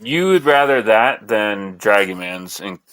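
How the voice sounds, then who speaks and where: A man's voice: lowish voice, animated, measured pace, fairly bright tone, smooth, dry recording. A man co-hosting a casual panel podcast, talking bluntly and calling people "dude". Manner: blunt, says "dude" often. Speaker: podcast co-host.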